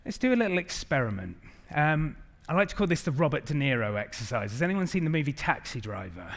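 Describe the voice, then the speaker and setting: A man in his thirties giving a lively, engaging conference keynote on a stage mic, speaking to a large hall. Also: fairly high pitch, fast talker, vocal fry. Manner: lively, engaging, directs the audience.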